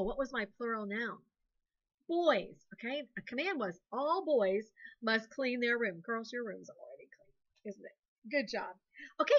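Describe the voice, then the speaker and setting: Playful teacher. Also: female voice, a little high, lo-fi sound. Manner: playful, animated, expressive teacher talk. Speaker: second grade teacher. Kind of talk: recorded phonics lesson for young children.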